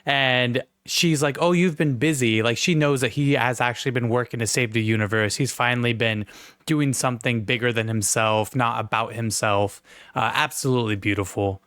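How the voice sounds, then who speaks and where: A man chats through a film recap on a podcast, jumping into quick voices for the characters as he retells scenes. His pitch swings high and low, and the sound is dry and close with no room around it. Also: steady tone, a bit bright, clean tone, dry recording. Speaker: podcast co-host. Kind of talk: casual movie review chat.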